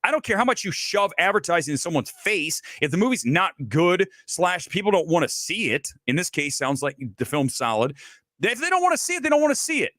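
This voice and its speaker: A sarcastic male host rants about films in a blunt, swearing style. His pitch swings widely from line to line. The sound is dry and close, with no room echo. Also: big pitch swings, brisk, pushed and bright. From Los Angeles area resident. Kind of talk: casual ranting film commentary.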